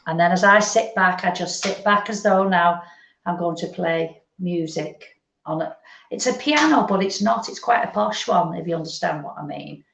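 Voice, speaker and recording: Gentle woman medium, gravelly, echoey. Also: lowish voice, normal speed, a little hiss or hum. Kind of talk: psychic reading. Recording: lo-fi echoey stream audio.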